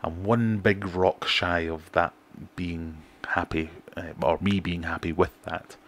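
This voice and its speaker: A middle-aged British man hosting a relaxed livestream, chatting and reading out viewer comments in a self-deprecating way. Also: sits low, measured pace, a little hiss or hum. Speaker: fishkeeping livestream host. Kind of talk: casual livestream chat.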